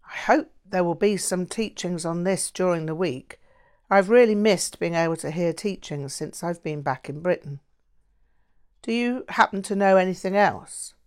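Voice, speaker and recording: A woman narrating a first-person audiobook in a calm, earnest, reflective way. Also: on the low side, moderate pace, clear, resonant tone.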